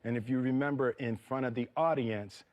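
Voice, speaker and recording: A man in his fifties telling a story in a casual, animated way, acting out quotes and laughing. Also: mid-range voice, a little fast, no echo. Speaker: actor and reunion guest.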